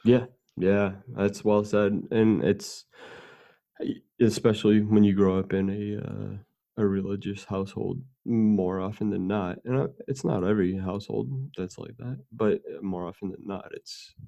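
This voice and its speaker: A man's voice: lowish voice, fairly even intonation, moderate pace, creaky, warm tone, muffled recording. A man in casual conversation, telling long rambling stories with fillers and laughs.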